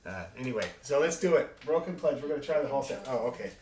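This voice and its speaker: A man with a medium-pitched, lively voice talks quickly as he leads an online orchestra rehearsal, chatting casually and spinning rambling, joking stories in a friendly way. Crowd noise can be heard, and the room sounds echoey.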